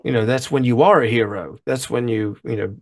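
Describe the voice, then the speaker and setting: A man putting on a cool, unflappable male greaser who hands out advice in a low, offhand way. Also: fairly quick, creaky.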